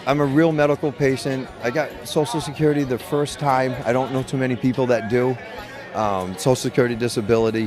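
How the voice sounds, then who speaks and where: A middle-aged man, a medical cannabis patient and grower, telling his story in an interview in a blunt, profane, rambling way with many restarts. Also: mid-range voice.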